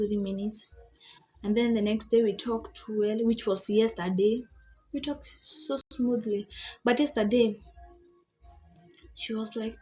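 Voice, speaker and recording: A woman's voice: on the high side, dark tone. A young girl telling a storytime vlog, retelling an argument indignantly, full of "I was like". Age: child. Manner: chatty, indignant retelling with many "I was like" quotes. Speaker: vlogger.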